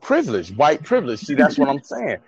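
A man's voice: on the high side, huge pitch swings, fairly quick, darkish tone, husky, no room sound. A man in a casual podcast chat, ranting emphatically with a lot of profanity. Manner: preachy, emphatic, profane rant. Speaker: podcast co-host. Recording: dull lo-fi, dry sound.

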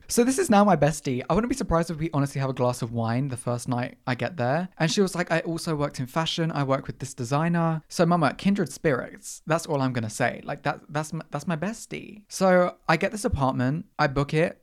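A podcast host telling a story in casual, animated chat full of slang and dramatic asides. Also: medium pitch, fairly quick, few pauses.

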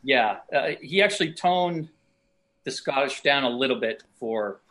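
A middle-aged actor sits down for a relaxed interview, speaking in an ordinary mid-pitched voice. He spins lively stories from set, slipping briefly into other people's voices as he quotes them. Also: measured pace. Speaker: actor guest. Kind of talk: casual interview storytelling.

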